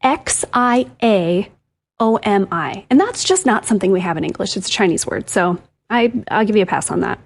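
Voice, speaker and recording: Female co-host, husky and breathy, chatty and quick to laugh. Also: mid-range voice. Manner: animated, giggly. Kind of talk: casual chat.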